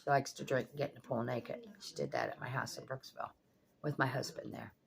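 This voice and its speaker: A woman's voice: a bass voice, fairly quick, creaky. An older woman telling a story in a blunt, exasperated way, swearing freely as she vlogs. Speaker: vlogger. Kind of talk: casual storytelling.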